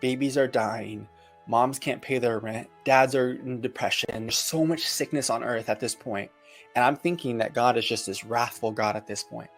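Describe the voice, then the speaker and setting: A man telling his near-death experience as a personal testimony, earnest and vivid, with dramatic pauses. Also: mid-range voice, soft background music.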